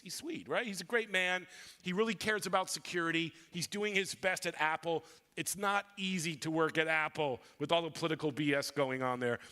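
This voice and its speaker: A man with a high, bright voice tells a story from a conference stage. He talks playfully and slips into quick impressions of the people in his story. His tone is forceful and sharp. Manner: storytelling, playful, mimics other people in quotes. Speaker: conference speaker. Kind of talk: animated conference talk.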